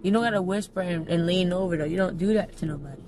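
A woman's voice: lowish voice, quick pace, crowd noise. A woman chatting casually with a friend, exasperated and swearing as she keeps telling him to speak up and back off. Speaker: friend of the host. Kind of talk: casual chat.

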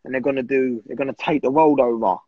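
A man's voice: mid-range voice, steady tone, fast talker, highs cut off, a loud crowd. A man in his twenties, a podcast guest, talking casually and bluntly with lots of swearing. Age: 20s.

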